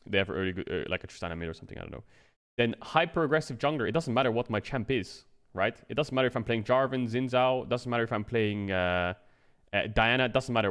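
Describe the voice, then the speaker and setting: A man streaming a casual explanatory rant, talking it through conversationally, often checking in with the listener and swearing now and then. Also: medium pitch. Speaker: streamer and game analyst.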